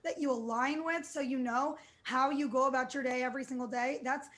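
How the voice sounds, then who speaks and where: A woman's voice: high voice, fairly even intonation, fairly quick, fairly bright tone. A woman in her thirties, a DJ and entrepreneur, answering questions in a news interview with upbeat, fluent talk and frequent fillers. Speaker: guest, DJ and entrepreneur.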